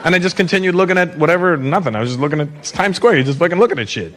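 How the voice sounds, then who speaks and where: A man from Canada performing a stand-up comedy set on a club stage, talking to the audience and breaking into loud shouted bits as he acts out characters. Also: on the high side, lively intonation, racing. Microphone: handheld stage mic. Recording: live club recording with crowd noise.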